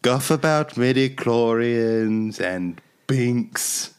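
A man putting on a slow mock British reader. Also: mid-range voice, lively intonation, clear, resonant tone. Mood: dry, mocking. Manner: slow, drawn-out, snide reading.

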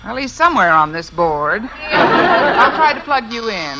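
A woman's voice: on the high side, very animated, measured pace, a loud crowd. A woman schoolteacher with dry wisecracks, minding a switchboard in 1950s radio comedy acting. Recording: dull hissy old radio recording.

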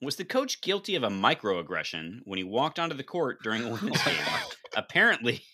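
Lively, bright-voiced podcast host. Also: male voice, mid-range voice, quick pace. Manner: animated, teasing. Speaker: podcast co-host reading listener questions. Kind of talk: casual chat.

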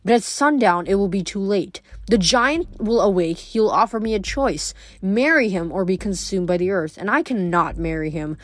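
A woman's voice: medium pitch, animated, moderate pace, hardly any pauses, no echo, studio quality, lightly acted. Woman reading a haughty goddess queen. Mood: grim. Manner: clipped, commanding.

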